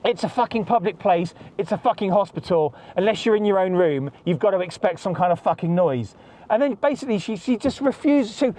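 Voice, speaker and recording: Middle-aged man, podcast host, stressed and agitated, swearing rant in a fairly high voice. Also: lively intonation, brisk, noisy background. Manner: angry, heavy swearing, repeats himself. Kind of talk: ranting monologue.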